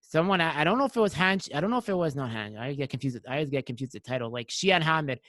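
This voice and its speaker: A man's voice: on the high side, expressive, racing, fairly bright tone, dry recording, studio quality. A man hosting a podcast, chatting casually and rambling while quoting other people. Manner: rambling, quotes people in voices. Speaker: podcast host. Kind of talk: casual chat.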